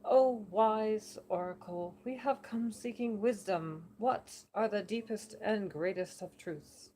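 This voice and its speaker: A woman's voice: mid-range voice, slow, mellow, voice pushed up, lightly acted. A woman voicing an earnest male author who addresses an oracle in a formal, deferential way. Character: earnest male author seeking wisdom, polite.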